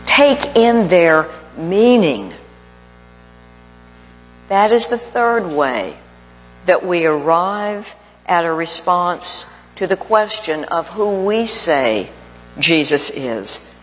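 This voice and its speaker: Slow, deliberate preacher in a reverberant hall. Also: male voice, high-pitched, fairly bright tone. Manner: slow, deliberate delivery with emphatic pauses. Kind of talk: sermon. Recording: long reverb of a large hall.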